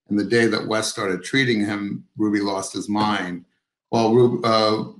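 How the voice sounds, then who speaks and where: A man's voice: fairly low pitch, fairly bright tone, roomy sound, poor audio. A man, an author being interviewed, who talks hesitantly with many fillers and restarts. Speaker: author guest. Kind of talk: interview over video call.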